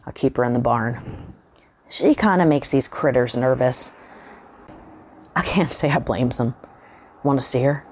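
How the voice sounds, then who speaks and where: Casting: sly old farmer who taunts and cackles, low and gravelly-edged, put on by a woman narrator. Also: measured pace, pauses often, a little mellow, full character voice. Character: creepy old male farmer, mocking and sly.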